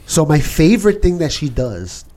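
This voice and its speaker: A man chatting casually on a live stream, rambling with jokes. His pitch swings widely as he tells stories. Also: moderate pace, a little hiss or hum. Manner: joking, rambling, animated storytelling. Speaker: stream co-host.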